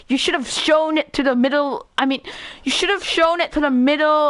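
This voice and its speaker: A woman streaming a game with casual commentary. She is excitable, swears freely and laughs often. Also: high-pitched, moderate pace, no echo.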